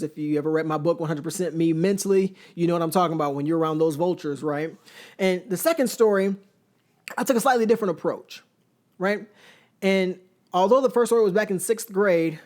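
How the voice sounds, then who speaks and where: A man in his thirties tells a personal story on his podcast, speaking casually and with lots of energy. He often checks in with the audience and keeps the tone close and conversational. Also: high voice. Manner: animated, conversational, addresses listeners directly with "right?". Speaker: podcast host. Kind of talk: storytelling monologue.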